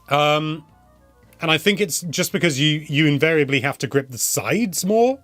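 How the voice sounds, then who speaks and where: A man's voice: a little high, lively intonation, moderate pace, fairly bright tone, no echo, soft background music. A young man hosting a casual live question-and-answer stream, chatty and rambling, often correcting himself mid-sentence. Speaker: host answering viewer questions.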